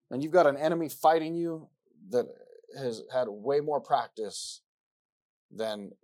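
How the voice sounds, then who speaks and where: A man preaching a sermon, repeating himself and rising from quiet passages to loud ones. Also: mid-range voice, slow pace.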